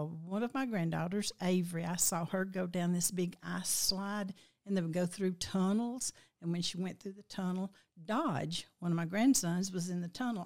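An older woman tells a personal dream in a slow, reflective way, her voice sometimes breaking with emotion. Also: on the low side. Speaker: guest recounting a dream.

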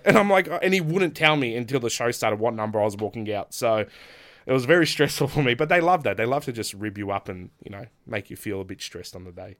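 A man's voice: medium pitch, animated, fast. A man, a pro wrestler, telling stories on a casual podcast, laughing often and acting out quotes in different voices.

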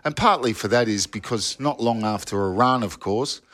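A former footballer telling old yarns in a casual podcast chat, rambling with restarts and asides. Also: male voice, mid-range voice, moderate pace, fairly bright tone. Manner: rambling storyteller with restarts and "you know". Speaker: football pundit, former player.

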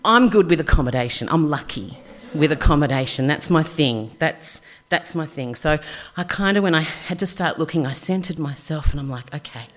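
A woman's voice: low-pitched, moderate pace. Chatty Australian woman telling a story. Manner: chatty, animated, acts out quoted voices. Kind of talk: live storytelling.

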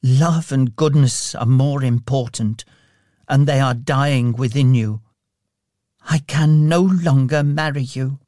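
A man's voice: medium pitch, slow, warm tone, dry recording, studio quality, close to an everyday voice. A man voicing a heartbroken young woman who speaks tearfully and reproachfully in a storybook reading.

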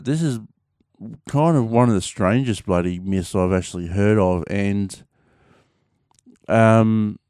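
A man's voice: on the low side, dark tone, clean tone, no room sound, clean studio sound. A young Australian man chatting casually on his own show, rambling with lots of fillers and the odd swear word. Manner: rambling, many fillers and restarts, mild swearing. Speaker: podcast host. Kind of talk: casual solo chat.

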